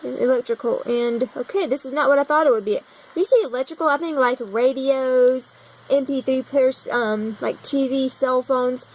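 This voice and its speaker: Her voice high-pitched and a little mellow, a young woman from the United States vlogs casually at a normal speed, thinking aloud as she puzzles over a map on her computer. A phone leaning against her laptop records it in low quality.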